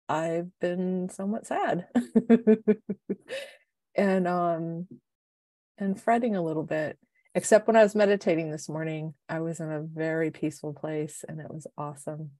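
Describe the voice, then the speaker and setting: A woman's voice: fairly low pitch, dry recording. Emotional, rambling middle-aged woman, dry sound. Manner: emotional, rambling, animated self-talk. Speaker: life coach and podcast co-host. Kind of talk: casual podcast chat.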